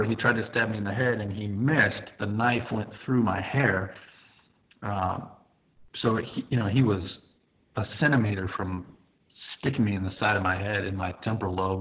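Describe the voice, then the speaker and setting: Man, low voice, firefighter guest, vivid first-person storytelling, tinny phone-like sound. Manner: vivid, retells scenes step by step with many fillers.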